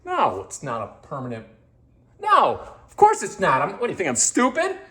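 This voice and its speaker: Woman as a dim, proud home-cook guy; lively pitch, echoey room. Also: moderate pace. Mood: goofy boastful. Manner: boastful, deadpan silly, jumpy loudness. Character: clueless goofy male home-cooking guy. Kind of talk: comedy sketch monologue.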